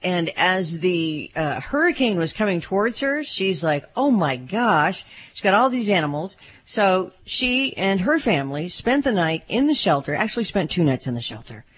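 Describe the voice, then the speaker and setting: A woman's voice: lowish voice, big pitch swings, moderate pace, few pauses, fairly bright tone. A woman cohosting a radio show, chatting casually and poking fun at herself. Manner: husky, self-deprecating.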